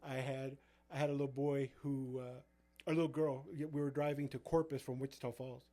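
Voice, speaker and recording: A man's voice: mid-range voice, little pitch movement, fairly quick, dark tone. A middle-aged man, a youth pastor co-hosting a casual chat and telling rambling stories full of fillers and restarts.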